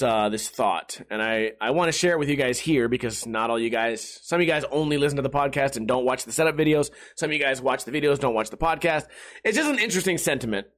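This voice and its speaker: A man hosting a podcast, ranting in a casual comedic monologue, excitable and profane with rambling restarts. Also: medium pitch. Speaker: podcast host.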